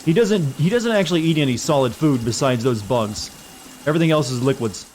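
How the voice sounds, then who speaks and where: A man's voice: mid-range voice, expressive, fairly quick, a little mellow. A man in the middle of a game stream, riffing with irreverent jokes and wandering asides in an ordinary mid-range voice. A faint hum of ambience sits under his talk. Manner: joking, irreverent, rambling. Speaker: streamer playing a video game. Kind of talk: casual gameplay commentary.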